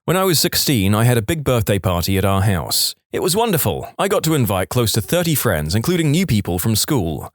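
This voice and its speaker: A man reading confessional stories aloud in a scripted storytime style. His pitch swings widely as he reads, keeping the delivery animated. The recording is close and dry with no room sound. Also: brisk, hardly any pauses, no room sound. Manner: lively, expressive reading. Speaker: storytime narrator.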